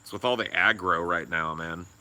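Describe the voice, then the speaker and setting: A man co-hosting a podcast, talking in a profane, rambling casual way with loud laughs. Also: low voice, normal speed. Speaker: podcast co-host. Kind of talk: casual chat.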